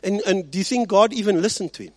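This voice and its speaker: A male pastor preaching a sermon, swinging between loud emphasis and quiet asides and often checking in with his listeners. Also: high-pitched, fast, no room sound. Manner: rhetorical check-ins with the congregation.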